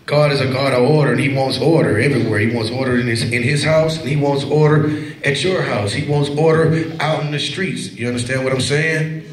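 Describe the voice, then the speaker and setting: A man ministering to a youth crowd, joking and laughing as he preaches and leading shouted call-and-response. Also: mid-range voice, fairly quick. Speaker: Christian hip-hop minister. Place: large church at a youth event. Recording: echoey church hall with crowd. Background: crowd reacting.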